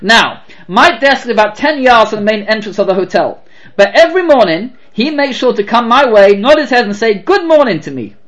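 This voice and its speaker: A man's voice: high voice, expressive, brisk, a bit bright, pitched above the performer's own voice. A man voicing an elderly Southern woman hotel operator, drawling, eager and repeating herself. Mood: fond.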